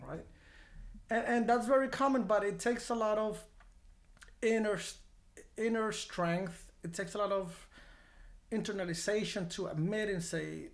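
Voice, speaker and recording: A man's voice: sits high, moderate pace. Man acting out conversations in casual chat. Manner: animated, acts out both sides of dialogues; blunt, swears casually. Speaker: mental health clinic founder, therapist.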